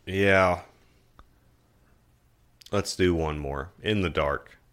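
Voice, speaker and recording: Smooth, deep-voiced casual man. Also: drawn-out words, a bit bright. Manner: laid-back, swears freely. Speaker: podcast co-host. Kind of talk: casual chat.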